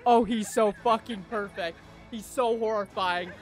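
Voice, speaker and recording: A young man reacting to a show with loud, profane, laughing outbursts. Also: sits high, measured pace. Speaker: reaction streamer. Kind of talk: excited reaction commentary. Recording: faint music behind.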